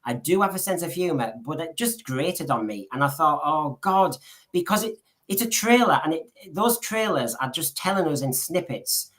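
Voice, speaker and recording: A man's voice: on the high side, expressive, moderate pace, a bit bright. A man co-hosting a podcast in casual chat, rambling along and often restarting his sentences with repeated words. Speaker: podcast co-host.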